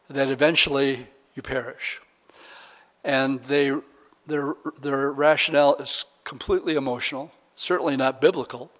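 A man's voice: medium pitch, a bit bright, big-room sound. A man, a pastor, preaching a sermon to his congregation and reading scripture aloud with rising emphasis.

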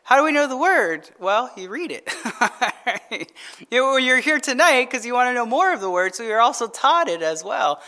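A man's voice: extremely high pitch, sing-song, moderate pace, bright, forceful tone. A male pastor giving a midweek Bible-study sermon in a casual, conversational way, often asking the audience rhetorical questions and chuckling as he tells stories. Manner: chuckles while telling stories.

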